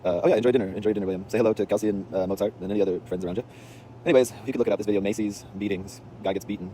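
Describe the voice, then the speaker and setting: Man, rambling slangy storyteller, very fast, low dark voice, faint traffic behind. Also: steady tone. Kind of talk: casual storytelling monologue.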